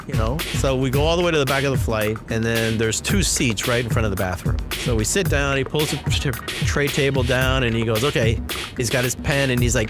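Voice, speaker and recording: A man's voice: medium pitch, a little fast. A man casually telling a personal story and acting out the dialogue. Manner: animated, acts out quoted dialogue. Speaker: storyteller guest. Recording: music bed behind. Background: music.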